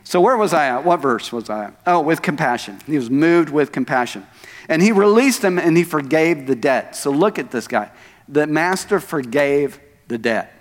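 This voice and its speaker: A man's voice: a little high, expressive, moderate pace. A male pastor preaching a sermon in a church, talking conversationally with asides to the congregation. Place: church sanctuary. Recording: echoey church hall.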